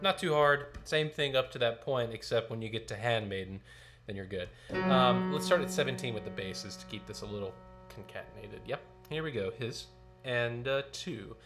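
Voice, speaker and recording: A man's voice: medium pitch, normal speed, loud music behind the voice. A man leading a choir sectional rehearsal. He counts in, sings short phrases and explains notes patiently. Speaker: choir director.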